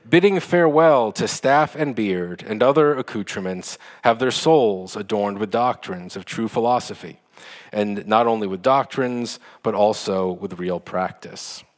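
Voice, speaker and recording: A man lecturing on church history, reading quotations aloud and explaining them, with fillers and self-corrections. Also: mid-range voice. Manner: reads quotes then comments, with fillers and self-corrections.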